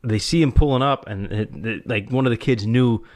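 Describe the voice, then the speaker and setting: A man's voice: mid-range voice, brisk. A man hosting a casual podcast chat, telling rambling stories full of "like" and laughing often. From US Northeast. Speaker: podcast host.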